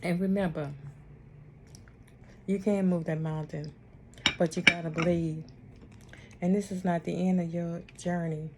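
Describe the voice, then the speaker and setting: A woman's voice: lowish voice, level tone, a little slow, long pauses, noisy background. A woman hosting an online ministry talk, speaking in a casual, heartfelt and reassuring way, repeating her comforting points often. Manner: warm, repetitive, reassuring.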